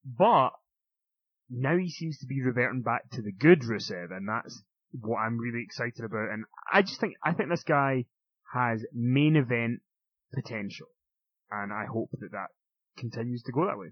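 A man's voice: mid-range voice, expressive, normal speed, breathy edge, no room sound, muffled recording. A man co-hosting a wrestling podcast in casual chat, with a dry, teasing manner. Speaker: podcast co-host.

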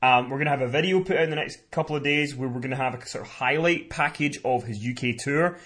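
A man's voice: mid-range voice, fast talker. A man co-hosting a podcast, telling a story in casual chat. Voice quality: chatty, animated storyteller. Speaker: podcast co-host and event promoter.

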